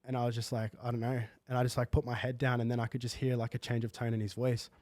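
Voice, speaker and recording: A man's voice: mid-range voice, level tone, fast, darkish tone, dry recording. A young man telling a personal story in a casual, slangy podcast chat full of fillers. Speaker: guest. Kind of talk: candid podcast conversation.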